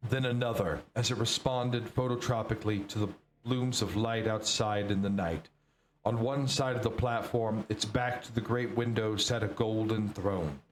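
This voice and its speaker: Brief: male reader narrating a novel aloud, steady, mid-pitched, roomy echo, faint background hiss. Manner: steady read-aloud with occasional slips. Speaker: book reader streamer.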